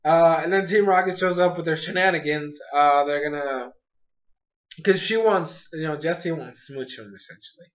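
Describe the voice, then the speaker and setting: A man's voice: on the high side, moderate pace, highs cut off. A man casually reviewing a cartoon episode, rambling with lots of fillers and amused asides.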